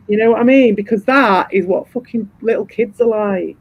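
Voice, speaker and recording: A livestream host with a high-pitched voice launches into a heated, sarcastic rant at a moderate pace, swearing heavily and mocking people in put-on voices. The stream audio is dull and lo-fi.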